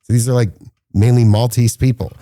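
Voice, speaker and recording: Speaking a little fast on a dry recording, a filmmaker casually shares stories during a podcast interview. He animates them by acting out the quotes, his pitch rising as he does.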